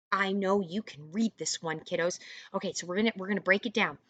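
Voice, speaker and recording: A woman teaching an online first grade reading lesson, encouraging young children and sounding out words slowly. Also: medium pitch, pushed and bright, dry recording.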